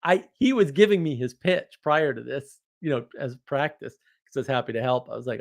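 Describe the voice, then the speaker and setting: A man telling an anecdote in a casual monologue, animated, often laughing and full of fillers and restarts. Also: medium pitch, a little fast, vocal fry, few pauses. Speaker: host.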